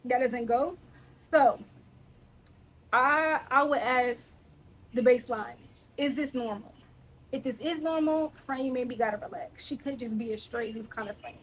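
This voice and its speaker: A woman's voice: high voice, a little hiss or hum, rough recording. A young adult woman hosting a casual solo podcast, talking in a blunt, sassy and playfully indignant way. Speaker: podcast host.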